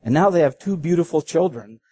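A man preaching a sermon in an earnest, halting way, slowing down to read quoted passages. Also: a little high, animated, mellow, breathy edge, no room sound. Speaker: pastor.

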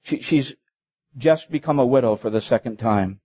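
A man preaching a sermon in an earnest, halting way, slowing down to read quoted passages. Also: medium pitch, warm tone, husky, no room sound. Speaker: pastor.

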